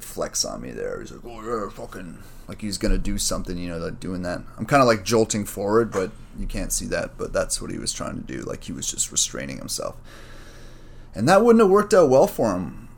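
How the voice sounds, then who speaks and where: A man with a very low voice tells a personal story in a casual solo monologue. He rambles and swears freely and keeps dropping "man" and "bro" into his sentences. As he reflects on what happened, he gets worked up again. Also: very animated, a little fast, creaky. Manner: rambling, profane, streetwise slang, says "man" and "bro" a lot.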